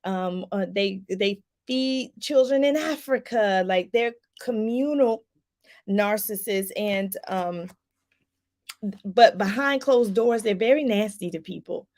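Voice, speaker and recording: A woman's voice: medium pitch, slow, a little mellow. A woman life coach talking casually to her viewers, chatty and loose, with lots of fillers and acted-out examples. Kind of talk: casual explanatory talk to viewers.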